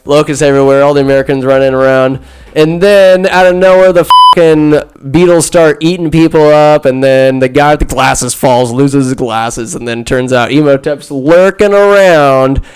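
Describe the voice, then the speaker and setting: Man, podcast host, clear and resonant voice, loose profane comic recap style. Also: a little high, moderate pace. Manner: rambling, profane, jokey asides. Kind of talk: casual comedic movie recap.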